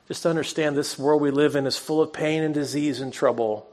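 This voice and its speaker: A man's voice: on the high side, steady tone, fairly quick, a little mellow. A pastor preaching a sermon, a man retelling a scripture story in an earnest, conversational way, with a bit of self-deprecating humor.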